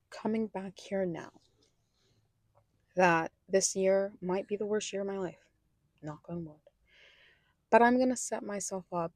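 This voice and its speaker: A woman's voice: mid-range voice, darkish tone, no room sound. A young adult woman talking candidly in a personal vlog, rambling and correcting herself, sometimes dropping to a whisper. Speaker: vlogger.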